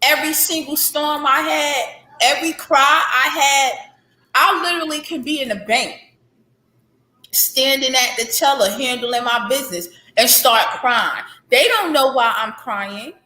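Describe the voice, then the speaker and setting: A woman in her thirties, an author appearing as a guest, talks candidly and from the heart about faith and healing in an interview, repeating phrases for emphasis. Her voice is high-pitched, bright, and forceful at a measured pace, and the room sounds echoey.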